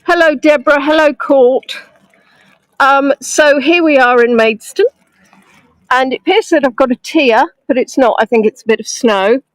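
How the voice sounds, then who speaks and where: A woman's voice: sits high, moderate pace, no room sound, low-quality recording. A woman leading a live-streamed walking tour outdoors in the snow, chatting and greeting viewers by name, filmed on a phone held close on a gimbal. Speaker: virtual tour guide. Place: outdoors in a snowy town street. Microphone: phone on a gimbal held close to the face.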